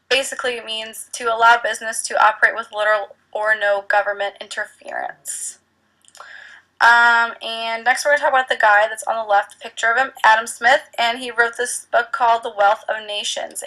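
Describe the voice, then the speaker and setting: Bright-voiced woman teaching history. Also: fairly high pitch, rough recording. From United States. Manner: chatty, informal, frequent ums. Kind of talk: recorded history lecture.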